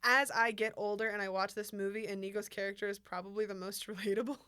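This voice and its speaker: Podcast lady rambling excitedly about a movie, smooth clean voice, dry close sound. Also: medium pitch, dry recording. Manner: animated, rambling, quick bursts with laughs. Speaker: podcast co-host. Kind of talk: casual chat about a film.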